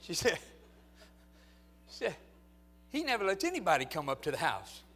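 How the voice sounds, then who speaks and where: High-voiced man preaching with fervor. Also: moderate pace. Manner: animated preaching that swings from quiet storytelling to loud exhortation. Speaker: pastor. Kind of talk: storytelling sermon.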